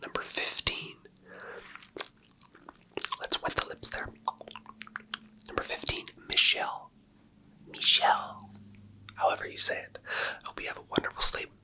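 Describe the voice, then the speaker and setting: A man doing an ASMR video, speaking in a slow, soft, playful whisper. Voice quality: breathy. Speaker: ASMR creator.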